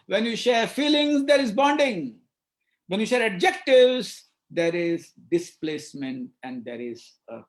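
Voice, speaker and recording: Animated Indian man lecturing doctors. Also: sits high. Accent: Indian English. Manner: animated, acts out dialogue, repeats words. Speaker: psychiatrist speaker at a medical webinar. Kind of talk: webinar lecture.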